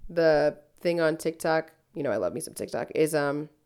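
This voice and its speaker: A woman's voice: low voice, moderate pace, darkish tone, clear, resonant tone. A woman podcast host telling a story in casual chat, swearing freely and ranting. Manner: profane, heated storytelling rant.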